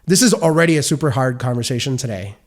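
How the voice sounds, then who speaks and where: An earnest man giving advice on a podcast in an explanatory tone. He works through question after question the way a consultant would. His voice sits at a mid pitch. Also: lively intonation, fast talker. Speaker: software consultant.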